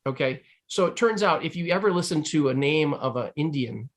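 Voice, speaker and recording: A man's voice: a little high, expressive, brisk. A man speaking as a guest author, answering questions in a loose, discursive way with frequent restarts. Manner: discursive, restarts often, hedges with "you know". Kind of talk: explaining ideas in a Q&A.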